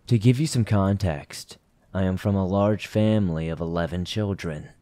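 A man narrating a horror story with measured, hushed storytelling. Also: low-pitched, no room sound.

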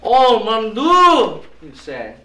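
A man's voice: sits high, animated, a little slow, sharp tone, exaggerated voice. A man playing a cheerful, cocky struggling actor who boasts and mangles French words. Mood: eager. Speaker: actor in a student film. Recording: echoey room from far off.

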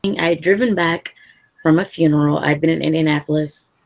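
A woman telling her own story to an interviewer in a calm, measured way, with soft laughs now and then. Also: sits low, vocal fry. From Louisville area, Kentucky. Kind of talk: personal account in an interview.

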